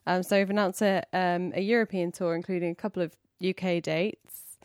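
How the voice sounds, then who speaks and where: A woman's voice: lowish voice, fairly even intonation, moderate pace, no room sound, clean studio sound. A woman co-hosting a podcast, talking casually with frequent ums and reading out listener questions. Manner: hesitant, lots of ums, giggly. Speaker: podcast co-host. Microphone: studio microphone.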